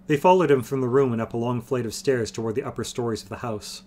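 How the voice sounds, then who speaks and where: Guy reading a fantasy book on stream, steady narration, middle pitch. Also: fast, few pauses, a little hiss or hum. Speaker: reader. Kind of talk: audiobook reading on a livestream.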